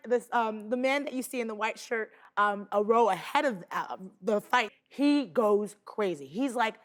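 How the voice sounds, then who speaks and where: A woman on a talk show couch, recounting events in an excited rush. Her voice sits on the higher side, and she breaks into quoted dialogue and little laughs as she goes. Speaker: guest passenger. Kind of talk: animated storytelling on a talk show.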